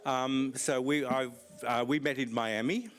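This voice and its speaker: Man, Australian accent, conference speaker, middle pitch, slow deliberate delivery. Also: steady tone. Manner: deliberately slow and clear for a foreign audience. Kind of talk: conference talk.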